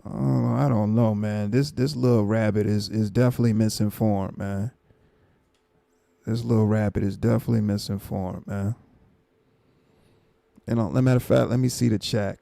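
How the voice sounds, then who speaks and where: A man's voice: on the low side, vocal fry, dark tone, no room sound. A man hosting a live stream, casually reacting to a clip with exasperated, repetitive disbelief and chuckles. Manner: exasperated, repeats himself, laughs in disbelief.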